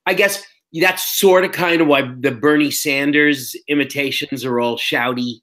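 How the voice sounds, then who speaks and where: An older man with a New York accent chats as a podcast co-host, his voice sitting a bit higher than most men's. He rambles and restarts his sentences, often chuckling as he talks. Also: steady tone, normal speed, sharp tone, rough recording. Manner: rambling, self-interrupting, chuckling. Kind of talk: casual podcast chat.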